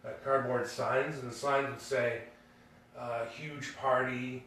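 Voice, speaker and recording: A man's voice: medium pitch, little pitch movement, a little slow, a bit bright, a little hiss or hum. Rambling man in echoey room. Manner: rambling, full of fillers and restarts, laughing at his own story. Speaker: podcast co-host. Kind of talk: casual storytelling. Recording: echoey room, distant mic.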